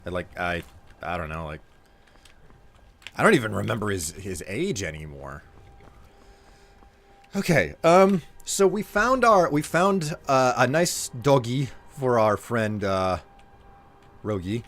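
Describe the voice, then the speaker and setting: Low-voiced rambling male streamer. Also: sing-song, slow, long pauses, a bit bright. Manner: rambling, self-interrupting, jokey. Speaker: streamer playing a game. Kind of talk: casual live-stream chatter.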